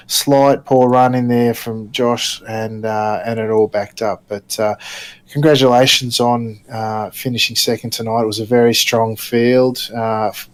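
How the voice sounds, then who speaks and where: A man hosting a sim racing broadcast, chatty and upbeat, calling guests mate. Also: medium pitch. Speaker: broadcast host.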